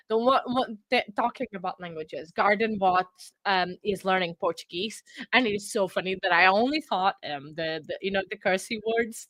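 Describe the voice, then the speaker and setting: A woman's voice: mid-range voice, a bit bright, no echo. A woman hosting a casual live stream, chatting and rambling as she reacts, laughing often, on a close microphone. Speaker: livestream host.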